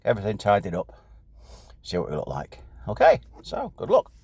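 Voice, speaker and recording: Lively low-voiced man. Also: moderate pace, gravelly, slightly rough, no echo. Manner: lively, jokey, self-mocking. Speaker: vlog co-host. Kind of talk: casual vlog.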